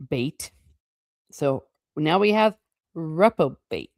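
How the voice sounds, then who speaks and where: A woman with a low, deep voice reads a classic novel aloud, slow and deliberate, then drops into relaxed, chatty remarks about what she has read. Her voice is close and dry, with no room sound around it. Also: no echo. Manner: slow, deliberate reading broken by chatty, amused asides. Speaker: host. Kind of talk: reading a novel aloud with casual commentary.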